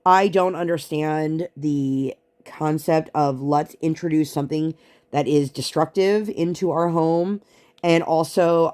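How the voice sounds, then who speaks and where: A woman with a low voice talks through a casual craft-along chat. She tells her story in an exasperated, chatty way, with plenty of "like" fillers along the way. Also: mellow. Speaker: vlogger and parent.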